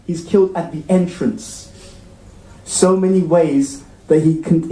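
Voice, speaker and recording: A man's voice: on the high side, warm tone. A man giving a conversational sermon at a temple class, often asking his audience questions. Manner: engaging, asks the audience frequent questions. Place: temple hall. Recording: echoey hall.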